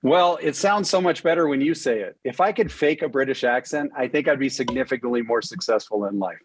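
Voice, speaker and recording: A man hosting an interview over a video call from a cabin, talking with eager, excited energy and plenty of restarts. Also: medium pitch, fairly quick, a little hiss or hum, poor audio. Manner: enthusiastic, with frequent restarts and fillers. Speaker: podcast host. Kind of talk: casual interview chat. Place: cabin home in Utah.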